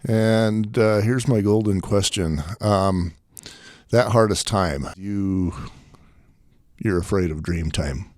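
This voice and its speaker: A man hosting an interview, listening attentively and asking gentle, affirming questions. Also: on the low side, slow, dry recording, clean studio sound. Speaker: podcast host. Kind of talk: interview conversation.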